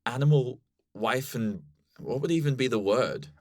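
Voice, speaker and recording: A man's voice: medium pitch, lively intonation, normal speed, a little mellow. A young Australian man co-hosting a comedy podcast, playful and rambling, laughing often. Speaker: co-host. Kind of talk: improvised comedy podcast chat.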